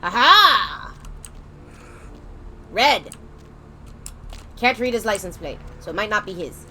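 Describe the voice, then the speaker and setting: A woman's voice: medium pitch, very animated, slow, sharp tone, a little hiss or hum. A young woman playing a video game and chatting, playful and sarcastic. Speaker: gamer. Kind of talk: let's play commentary.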